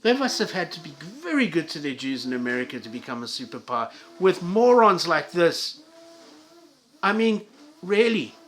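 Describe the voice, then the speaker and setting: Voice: medium pitch, very animated, normal speed, fairly bright tone. A vlogger delivering an angry, profane solo rant to viewers, with heated stammering restarts.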